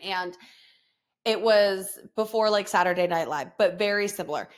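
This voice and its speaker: A woman's voice: medium pitch, moderate pace. A woman, hosting a casual solo podcast, swearing freely, laughing often and mimicking her son. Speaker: podcast host.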